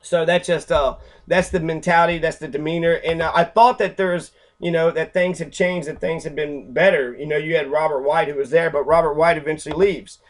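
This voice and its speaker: Heated profane man with a higher voice. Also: steady tone, brisk, hardly any pauses. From Louisville, Kentucky. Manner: heated, profane, rambling, with many fillers. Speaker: activist lecturer. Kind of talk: angry profane talk over pictures.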